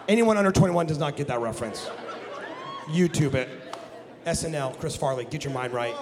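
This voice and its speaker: A man from the Midwest, a guest pastor telling a comic story in a sermon, animated and jokey with bursts of shouting. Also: on the high side, fairly quick, pauses often, crowd noise, noisy background. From American Midwest. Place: church sanctuary. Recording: long hall reverb in a church.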